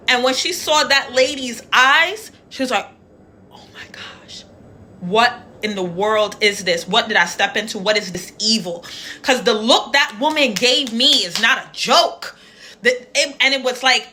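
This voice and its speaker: A woman telling a personal story in a casual, animated, slang-filled way. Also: on the high side, a little hiss or hum.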